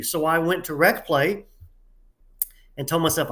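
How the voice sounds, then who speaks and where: A man with a Southern drawl, a referee guest telling stories in an interview, halting with many filler sounds and a folksy, self-deprecating manner. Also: fairly high pitch, a bit bright. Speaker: head tournament referee, guest. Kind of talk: casual interview storytelling.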